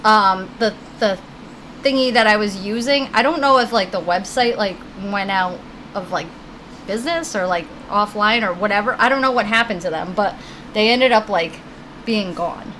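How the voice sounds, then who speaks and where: In a rough recording with slight background noise, a woman streams a video game live, chatting to viewers and to her puppies between game lines. Her voice is mid-range and a bit bright, at a moderate pace.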